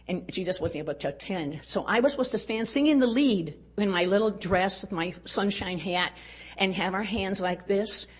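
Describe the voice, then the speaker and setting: An older woman speaking at a women's conference, telling a personal story in an earnest way and dropping to a hush at tender moments. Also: medium pitch, moderate pace, breathy edge. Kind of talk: storytelling talk.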